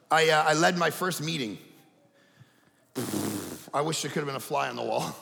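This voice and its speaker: A middle-aged man preaching a sermon as pastor, telling stories animatedly with shouted quotes. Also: fairly high pitch, big pitch swings, brisk, gravelly, long pauses, long reverb tail. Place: church auditorium.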